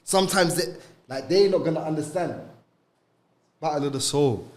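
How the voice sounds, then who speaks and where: Speaking at a normal pace in a fairly high voice, this young podcast co-host discusses faith casually in street slang. "Bro" and "you get me" come up again and again.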